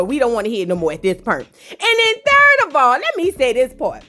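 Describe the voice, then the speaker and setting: A woman hosting a gossip reaction show, brash and animated, full of slang and cursing. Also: sits high, moderate pace, faint music behind.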